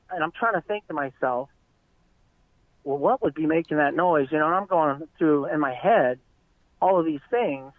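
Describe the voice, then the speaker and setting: A man's voice: a little high, dry recording. A middle-aged man, an eyewitness guest, earnestly telling a long story in casual, rambling talk over a tinny phone line.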